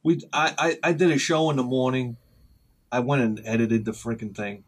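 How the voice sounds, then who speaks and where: A man's voice: mid-range voice, moderate pace, breathy edge. A man hosting a casual vlog, rambling through a story and acting out both sides of conversations in sudden bursts. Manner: animated storyteller who acts out conversations in sharp bursts. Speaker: retro game channel host.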